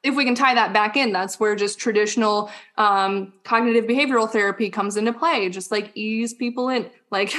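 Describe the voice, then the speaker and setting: A woman's voice: mid-range voice, brisk, hardly any pauses, a bit bright. A woman in her thirties, a nurse and mother, chatting as a podcast guest with lots of "like" and "yeah". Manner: casual, says like and yeah a lot. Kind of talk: casual chat.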